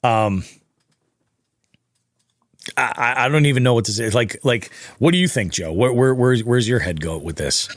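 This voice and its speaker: A man's voice: mid-range voice, normal speed, long pauses, dry recording, clean studio sound. A young adult man hosting a fishing podcast, chatting casually, joking and swearing. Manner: profane, joking, animated. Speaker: podcast host. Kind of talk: casual chat.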